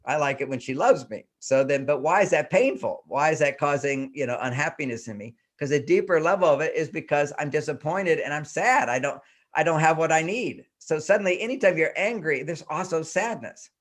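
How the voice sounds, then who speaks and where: Older man, fairly high male voice, earnest interview guest, rhetorical questions, acts out inner voices. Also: animated, a little fast. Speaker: guest relationship expert. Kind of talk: explanatory interview talk.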